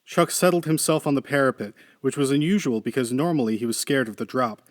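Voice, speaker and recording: A man reading a short story aloud in a measured, steady narration. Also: medium pitch, no room sound, studio quality. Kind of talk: scripted narration.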